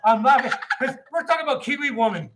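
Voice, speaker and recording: A man chatting while getting ready to cut hair, telling a long funny story with loud, laughing punchlines. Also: very high-pitched, fast, noisy background. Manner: animated, laughing storyteller who shouts punchlines. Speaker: hairdresser. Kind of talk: casual storytelling chat.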